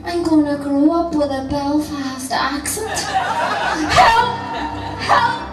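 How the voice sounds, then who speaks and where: A woman's voice: high voice, takes it slowly, loud music behind the voice. A woman with a Northern Irish accent performing a frantic newborn baby who refuses to be born, in dramatic half-sung outbursts over a harp. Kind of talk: sung and spoken performance piece. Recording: roomy live hall, distant mic, harp.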